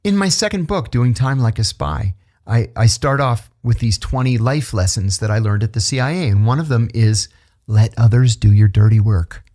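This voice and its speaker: On a relaxed podcast, a middle-aged former intelligence officer speaks at normal speed in a mid-range voice. As he tells his stories, he animatedly imitates the voices of the people he quotes.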